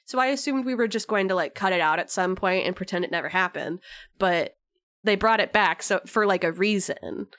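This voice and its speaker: A young woman co-hosts a podcast in a loose, rambling way, full of filler words and quick questions. Her voice sits mid-pitch for a woman and sounds dry and close, with no room around it. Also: no echo. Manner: chatty, many fillers, lively questions. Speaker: podcast co-host. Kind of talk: casual chat.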